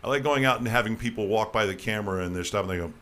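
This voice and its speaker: A man's voice: fairly low pitch, quick pace, a bit bright. A man hosting a casual radio talk show, rambling with restarts and jokey asides, with a slight New York accent. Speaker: host.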